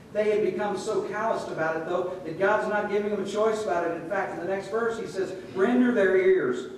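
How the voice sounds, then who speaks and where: A man preaching a sermon in a relaxed, conversational way, telling stories and acting out the voices in them. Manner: conversational storytelling with quoted voices. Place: church sanctuary. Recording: echoey church room, distant mic, faint rumble.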